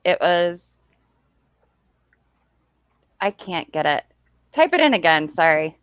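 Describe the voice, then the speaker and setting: A woman's voice: lowish voice, very animated, takes it slowly, fairly bright tone, smooth, no echo, clean studio sound. A woman hosting a livestream, chatting easily and thanking viewers. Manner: easygoing, laughing, thanks viewers. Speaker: streamer host. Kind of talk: casual livestream chat.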